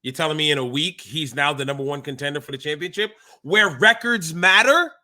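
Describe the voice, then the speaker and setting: A man's voice: on the high side, brisk, pushed and bright. A man co-hosting a wrestling podcast, talking in a casual chat as a worked-up fan who rants with emphatic exasperation.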